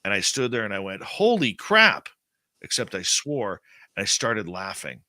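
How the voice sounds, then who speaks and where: A man's voice: low voice, normal speed, dry recording. A man telling a personal story as a guest in an interview, acting out what was said. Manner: animated personal storytelling, acts out quotes.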